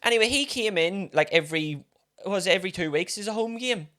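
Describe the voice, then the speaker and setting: A young Northern Irish man co-hosting a podcast, telling stories in a sweary, animated chat. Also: high-pitched, quick pace. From Northern Ireland. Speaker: podcast co-host. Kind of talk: casual chat.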